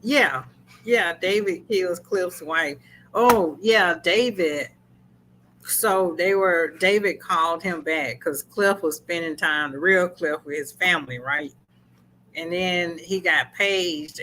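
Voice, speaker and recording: A woman co-hosting a review chat with a bright, ringing tone. She tells the story in an animated way and acts out the quotes. Faint noise sits underneath. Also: on the low side, slow, poor audio. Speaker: podcast co-host.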